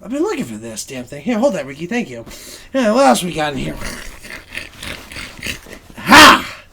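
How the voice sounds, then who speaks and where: Gravelly high-pitched taunting man. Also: sing-song, fast talker, a little hiss or hum. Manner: taunting, rummaging aloud through a bag. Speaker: podcast co-host. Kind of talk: improvised comedy bit.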